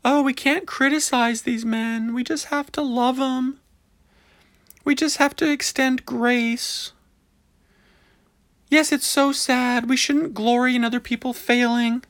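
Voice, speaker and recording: A sugary, simpering churchgoer whining in a high, softened sing-song voice, pious and defensive, as a man mocks them. The voice floats well above the speaker's normal pitch and comes out quieter and breathier, a deliberate parody in a ranting commentary. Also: fairly even intonation, vocal fry, full character voice. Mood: saccharine pious. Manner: mocking, falsetto-ish sing-song.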